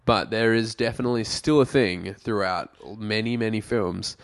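A man's voice: lowish voice, moderate pace, no echo. Chatty, sweary young man. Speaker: podcast co-host. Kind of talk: casual chat.

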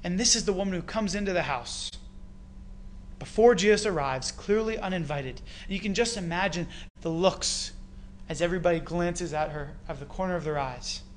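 A Canadian man preaches a sermon in a fairly high voice. He tells the story with animated emphasis and throws rhetorical questions to his listeners. A faint ambient hum sits behind him. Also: normal speed. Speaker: pastor.

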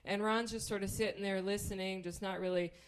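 With a clear, resonant mid-range voice and a steady tone, this Kansas stand-up speaks a little fast. Her story is wry and profane, and she slips into voices to play the quoted people.

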